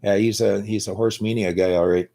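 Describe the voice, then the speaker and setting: A man's voice: fairly low pitch, steady tone, fairly quick, vocal fry, dark tone. A man in his sixties from Canada, talking bluntly and profanely in a rambling casual monologue.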